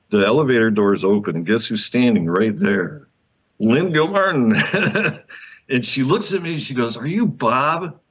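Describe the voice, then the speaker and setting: A man, a guest author, telling a story in an interview, animated and laughing often as he acts out the dialogue. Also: sits low, lo-fi sound.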